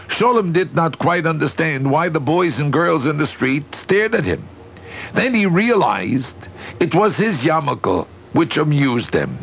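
A man reading a children's story aloud, lively and expressive, with occasional fillers. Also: on the high side, creaky, a little hiss or hum, rough recording.

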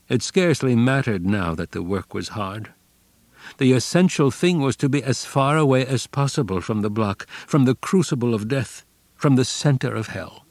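A man narrating a memoir audiobook in a grave, measured, subdued way. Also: mid-range voice, expressive, a little mellow, no echo. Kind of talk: scripted narration.

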